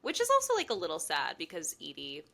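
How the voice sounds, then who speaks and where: A woman's voice: deep voice, fast, gravelly. A woman co-hosting a podcast, casually recapping a TV episode and laughing often. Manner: lively, laughs loudly. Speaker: podcast co-host. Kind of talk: casual chat recapping a TV show.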